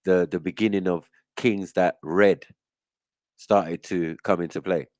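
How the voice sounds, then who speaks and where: A man's voice: low voice, steady tone, measured pace, darkish tone, no echo. A man, a guest on a casual panel, explaining at length and checking in with his listener. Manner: explains at length, checks in with "right?" and "you get me".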